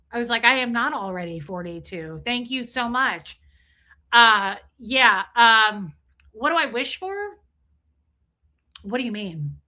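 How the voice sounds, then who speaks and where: A woman in her forties hosting a live stream, chatting casually and crudely while reading viewer comments aloud. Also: medium pitch. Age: 40s. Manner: crude, joking, animated, reads chat aloud. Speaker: livestream host reading chat.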